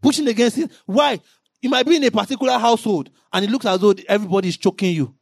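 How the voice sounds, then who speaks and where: A man preaching a sermon in an impassioned way, now and then rising into shouted emphasis. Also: high voice, fast talker, vocal fry, no echo.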